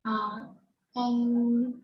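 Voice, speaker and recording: A woman learning English, giving a halting practice answer. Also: fairly high pitch, level tone. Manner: hesitant, halting. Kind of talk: spoken exam practice answer. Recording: dull lo-fi audio.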